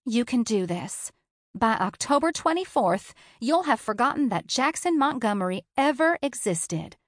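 A woman's voice: on the high side, big pitch swings, normal speed, dry recording, studio quality, voice pushed up. Woman reading an upbeat, encouraging best friend. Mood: reassuring. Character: supportive upbeat female best friend, teacher. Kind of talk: audiobook character voice.

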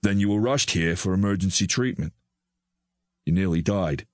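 A man voicing a kindly, soft-spoken older male doctor, his voice low and gentle. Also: moderate pace, no room sound, studio quality, lightly acted. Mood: grave, measured.

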